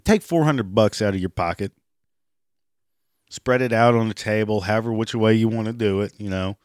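A hoarse man with a raspy voice, giving sarcastic, profane commentary and mocking the people he talks about. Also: lowish voice, normal speed, no room sound, clean studio sound. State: hoarse, clearing throat and coughing. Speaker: commentary vlogger. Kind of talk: ranting commentary.

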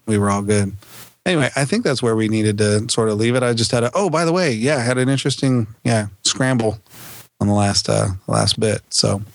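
A man in casual storytelling mode, animated and quick to laugh, who acts out his family's lines as he goes. His voice sits at an ordinary middle pitch. The sound is dry and close, with no room echo. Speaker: podcast co-host.

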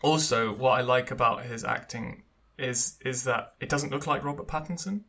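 Male podcast co-host, bright voice, chatty, hesitant fillers. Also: mid-range voice, moderate pace, gravelly. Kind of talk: casual chat.

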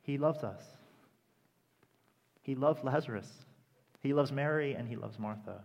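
A man preaching a sermon with impassioned delivery that rises to loud, emphatic peaks. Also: medium pitch, measured pace, creaky. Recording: long reverb of a hall.

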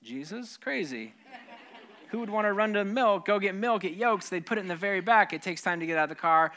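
Bright-voiced male pastor, joking and conversational. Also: sits high, fairly even intonation, quick pace, slight background noise. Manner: humorous, conversational, with frequent restarts and asides to the congregation. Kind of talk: sermon.

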